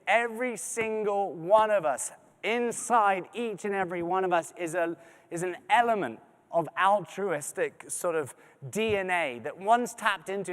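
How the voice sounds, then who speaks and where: High-voiced man hosting a charity appeal. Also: in a large hall. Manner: reads donor names, thanks them, joking asides. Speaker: fundraising appeal host. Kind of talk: live charity donation appeal. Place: large arts center venue.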